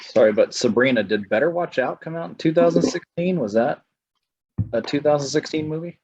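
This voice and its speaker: A man with a husky voice, teasing and wisecracking in a casual movie podcast. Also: on the high side, fairly quick, darkish tone, lo-fi sound.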